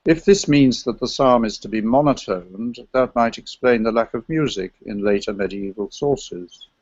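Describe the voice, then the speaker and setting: A man with a gravelly voice presents an academic paper in a scholarly, meandering way. The recording is dry and slightly dull, with no room sound. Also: medium pitch, normal speed, a little mellow, dry recording. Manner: scholarly, digressive, sings chant examples. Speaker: lecturer on medieval chant.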